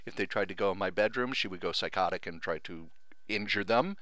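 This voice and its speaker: With a low, slightly bright voice, this middle-aged man talks briskly on his podcast, earnestly thanking friends in a rambling, sentimental way. As he goes on he becomes emotional. There is no echo.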